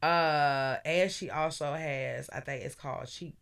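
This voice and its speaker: A woman hosting a casual live podcast, giving loud, playful shout-outs to listeners and sponsors. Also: low voice, steady tone, a little slow, creaky. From Virginia. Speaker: podcast host.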